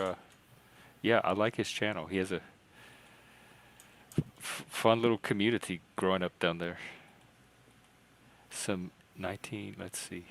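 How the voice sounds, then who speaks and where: Rambling low-voiced man hosting a chat. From United States. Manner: rambling, hesitant, trails off quietly. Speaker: podcast host. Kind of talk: casual panel chat.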